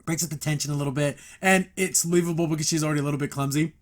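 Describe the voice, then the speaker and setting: Excitable man reviewing a cartoon. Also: a little high, very fast. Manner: animated, recaps scenes and acts out quotes. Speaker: podcast host reviewing a cartoon episode. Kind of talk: casual commentary.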